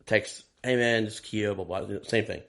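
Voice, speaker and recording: Gravelly low-voiced man telling road stories. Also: moderate pace. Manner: animated, profane, acts out quoted dialogue. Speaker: touring and session drummer, guest. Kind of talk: casual storytelling interview.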